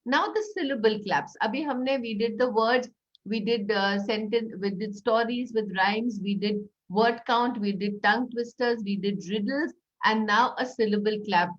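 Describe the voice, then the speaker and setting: A middle-aged woman with an Indian English accent, an educator explaining early reading activities to parents, enthusiastic, slowing down to model words. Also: a little high, muffled recording. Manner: warm, enthusiastic, slows down to model words and sentences. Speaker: early-years educator and author. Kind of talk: talk for parents.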